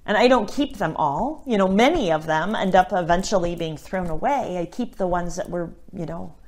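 A woman's voice: fairly low pitch, lively intonation, moderate pace, darkish tone. Conversational middle-aged woman teaching scripture. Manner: conversational, often checks in with a tag question. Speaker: Catholic missionary and evangelist. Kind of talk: informal teaching talk on scripture.

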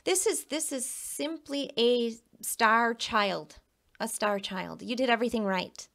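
A woman's voice: fairly high pitch, slow pace, gravelly, fairly bright tone. Emphatic woman giving a tarot reading. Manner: emphatic, repeats phrases, frequent "okay?". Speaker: tarot reader. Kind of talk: casual tarot reading monologue.

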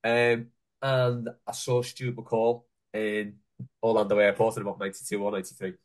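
A man's voice: lowish voice, level tone, moderate pace. A man hosting a casual football fan podcast, chatty and passing the floor to his co-hosts. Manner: chatty, hands the floor to the others. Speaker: podcast host. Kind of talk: casual chat.

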